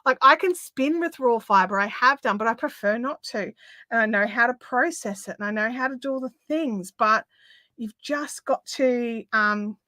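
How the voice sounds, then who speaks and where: Middle-aged Australian woman, livestream host; bright, lively, casual, dry close mic. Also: on the high side, normal speed, no room sound. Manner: chatty, lots of fillers, laughs easily. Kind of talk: casual chat, reading viewer comments.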